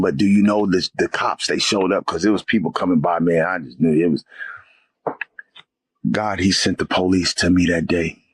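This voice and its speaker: Husky-voiced man telling a fervent testimony. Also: low voice, no room sound. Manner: fervent, vivid storytelling, often adds "man" and "brother". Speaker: guest sharing a testimony. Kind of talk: emotional spiritual testimony.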